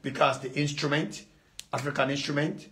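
A man's voice: fairly high pitch, fairly even intonation, moderate pace, a bit bright. A Jamaican man being interviewed, talking boastfully and animatedly in casual chat with patois mixed in. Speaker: guest artist.

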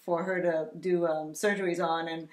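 A woman's voice: lowish voice, level tone, normal speed. A woman co-hosting a vlog, chatting enthusiastically and reading viewer comments aloud. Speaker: vlog co-host. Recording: echoey room.

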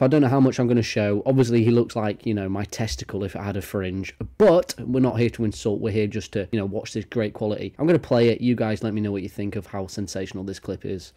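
A man's voice: fairly low pitch, mellow. A young man ranting in a mocking, profane commentary video. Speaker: YouTube commentator. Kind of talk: crude commentary rant.

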